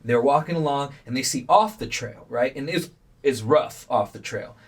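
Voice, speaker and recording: A man's voice: medium pitch, moderate pace, husky. A young man, a podcast guest, telling a story in a laid-back, slangy way with a lot of swearing. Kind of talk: casual storytelling chat.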